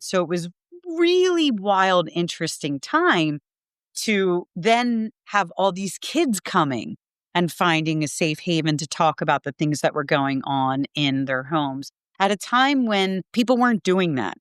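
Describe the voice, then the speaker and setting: A middle-aged woman talking as a podcast guest, sharing a personal story earnestly and from the heart. Her voice is lowish and smooth, and the sound is dry and close. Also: expressive, unhurried, no echo. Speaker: podcast guest, Reiki teacher.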